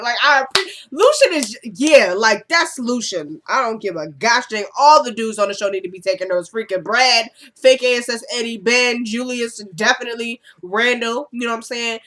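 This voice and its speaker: A woman casually recapping a TV episode for her channel, chatty and digressive, getting animated when she gives her opinions. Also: on the high side, moderate pace, hardly any pauses. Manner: chatty and digressive, often says "you know what I'm saying".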